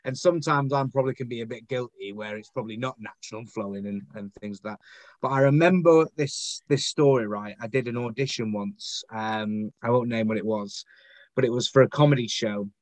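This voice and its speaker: A Northern English man chatting as a podcast guest, rambling along with plenty of ums and self-deprecating asides. His voice sits at an ordinary middle pitch. The recording is close and dry, with no room sound. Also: a little fast, dry recording. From Northern England. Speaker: guest, actor and poet. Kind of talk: casual podcast interview.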